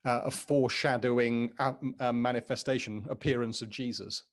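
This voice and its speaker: A man talks through a Bible passage in an easy conversational way, circling back on his words and affirming his partner often. His voice sits at a middling pitch. The delivery is thoughtful rather than preached. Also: steady tone, normal speed. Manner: thoughtful, agreeable, many restarts and affirming yeahs. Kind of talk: conversational Bible study discussion.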